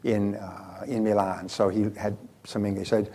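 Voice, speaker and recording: A man's voice: fairly low pitch, little pitch movement, moderate pace, mellow. A man giving a live motivational seminar, telling anecdotes, asking the audience questions and repeating phrases for emphasis. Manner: addresses audience directly with questions. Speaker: seminar speaker.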